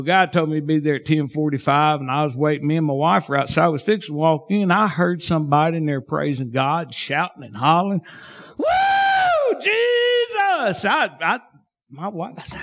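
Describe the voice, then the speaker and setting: A man preaching a sermon as pastor, fervent and folksy, swinging from shouts to hushed tones. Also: a little high.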